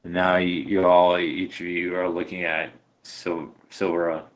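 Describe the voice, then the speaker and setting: A man narrating as game master of a tabletop game, hesitant and full of pauses. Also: low-pitched, flat delivery.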